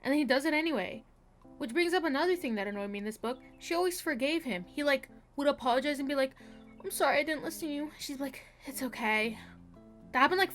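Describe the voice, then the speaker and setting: A woman reviewing a book in a casual vlog, talking frankly with lots of fillers and sounding exasperated. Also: sits high.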